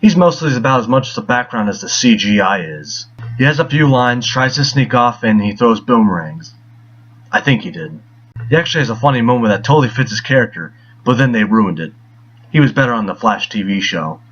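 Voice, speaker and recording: Male film reviewer, mid-pitched, husky and mocking, scripted. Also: expressive, brisk, a bit bright. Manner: sarcastic, mocking. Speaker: movie reviewer. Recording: dull lo-fi voice.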